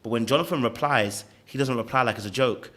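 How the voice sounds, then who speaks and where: A man's voice: mid-range voice, quick pace, fairly bright tone. A man, hosting a podcast and giving emphatic, opinionated commentary full of stammering restarts. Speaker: podcast host reacting to clips.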